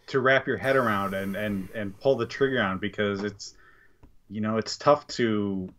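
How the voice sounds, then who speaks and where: A man's voice: on the low side, normal speed, fairly bright tone. A man chatting casually on a live show over a video call, speaking thoughtfully with some hesitation. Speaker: guest co-host. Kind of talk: casual livestream chat.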